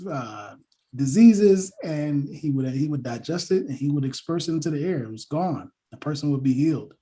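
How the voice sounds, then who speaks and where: Guy talking slow n thoughtful, husky warm voice. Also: on the high side, expressive. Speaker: guest, NICU parent. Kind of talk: podcast conversation.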